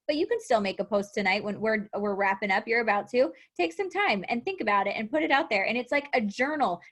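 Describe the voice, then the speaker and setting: A young adult woman coaching her team in a motivational live talk, animated, acting out quotes and laughing often. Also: fairly high pitch. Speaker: fitness coach.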